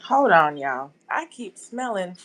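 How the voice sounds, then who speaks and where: A woman's voice: on the low side, sing-song, slow, fairly bright tone. A woman hosting a casual live stream, chatting loosely and calling her viewers y'all.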